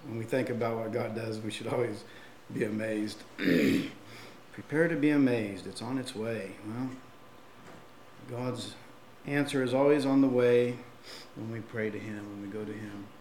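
A man's voice: fairly low pitch, steady tone, unhurried, a little mellow, echoey room, a little hiss or hum. A man preaching a sermon and reading scripture aloud, in a conversational manner with frequent fillers and restarts.

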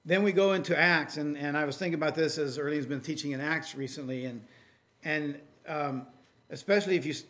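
A man's voice: on the high side, steady tone, a little fast, a bit bright. A man preaching a sermon in a conversational way, with many fillers and restarts, and reading scripture aloud in a raised, emphatic voice.

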